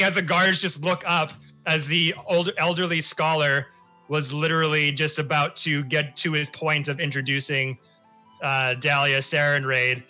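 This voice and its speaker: A man narrating a tabletop game as game master, in animated, rambling descriptions. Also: fairly high pitch, normal speed. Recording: muffled stream audio with music.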